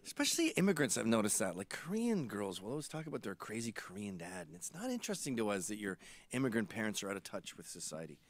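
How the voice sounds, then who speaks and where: A man's voice: on the low side, fast, vocal fry. A man in his late forties, from Canada, telling irreverent comic stories in a podcast monologue. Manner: irreverent, animated storytelling. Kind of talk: comedic monologue.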